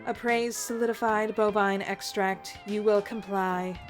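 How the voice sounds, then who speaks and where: Woman reading a calm, slow feminine robot gadget voice for a game, steady orders. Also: mid-range voice, faint music behind, natural voice. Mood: commanding. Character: calm female robot voice from a cooking spoon.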